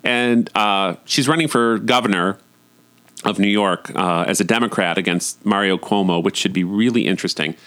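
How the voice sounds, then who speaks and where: A man telling casual stories from home as a podcast host, chatty and campy, often jumping up into high, excited swoops. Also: moderate pace. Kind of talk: casual storytelling monologue.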